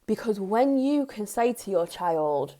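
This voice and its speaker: A woman in her thirties, a parenting coach, giving earnest advice straight to the camera in a soft tone, repeating key phrases for emphasis. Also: medium pitch, expressive, unhurried. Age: 30s. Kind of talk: direct-to-camera advice talk.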